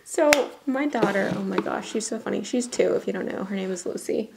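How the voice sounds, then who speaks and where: A young beauty vlogger chats her way through her makeup routine in her home bathroom, giggly and casual, saying "like" and "y'all" a lot. Her medium-pitched voice has vocal fry and moves fairly quickly, with background noise audible.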